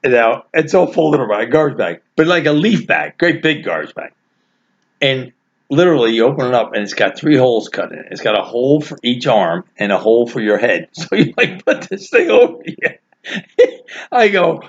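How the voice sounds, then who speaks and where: A man casually telling a family anecdote, animated and laughing through his own story. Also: mid-range voice, normal speed. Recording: dull lo-fi recording.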